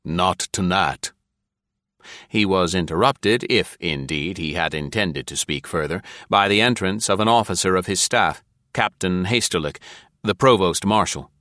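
Brief: male audiobook narrator, low voice, dry close recording, steady deliberate pacing. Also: no room sound. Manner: even, deliberate storytelling.

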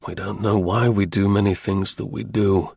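A man reading a novel aloud as an audiobook narrator in a measured, literary way. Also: on the low side, steady tone, vocal fry, darkish tone, slightly rough, no room sound, studio quality. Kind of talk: scripted narration.

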